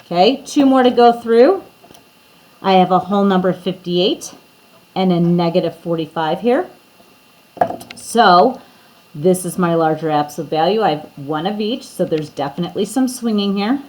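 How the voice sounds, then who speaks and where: A woman's voice: on the low side, moderate pace, poor audio. A woman teacher explaining math steps to her students in a recorded lesson, talking to them directly.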